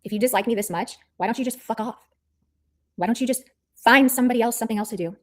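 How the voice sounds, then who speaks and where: A woman's voice: a little high, quick pace. A woman livestreamer ranting in a heated callout, blunt and profane, repeating herself as she scolds someone. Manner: angry, blunt, profane, repetitive.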